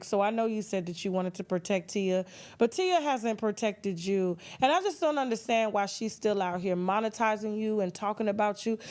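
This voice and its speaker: Animated, high-voiced woman gossip commentator. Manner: dramatic, mimics others in shifting voices.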